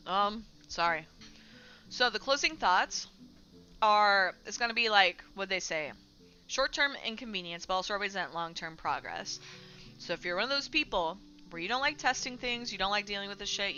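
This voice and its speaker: A woman streamer talking bluntly and casually to her chat, swearing now and then. Her voice is bright and a little forceful. The sound is somewhat dull and lo-fi, with faint music running underneath. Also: medium pitch. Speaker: streamer host. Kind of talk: casual livestream commentary.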